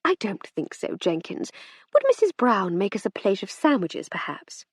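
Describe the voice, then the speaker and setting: A woman's voice: medium pitch, sing-song, moderate pace, husky, dry recording, studio quality. A woman voicing a teasing aristocratic lady. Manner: breezy, teasing, upper-class. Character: playful, witty aristocratic lady.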